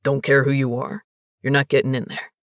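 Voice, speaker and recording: A woman voicing a big, blunt male nightclub bouncer who speaks flat and curt, pitched well below her own voice. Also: a little fast, no room sound, studio quality. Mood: deadpan.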